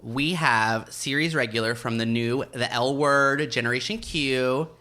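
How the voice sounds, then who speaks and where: A man's voice: mid-range voice, a little slow, pushed and bright. A man co-hosting a podcast, talking casually and enthusiastically in rambling lists. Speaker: podcast co-host. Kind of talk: casual chat.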